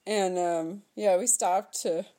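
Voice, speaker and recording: A woman's voice: on the low side, fairly even intonation, slow, warm tone. A woman co-hosting a casual chat, playful and teasing, who laughs often between her stories.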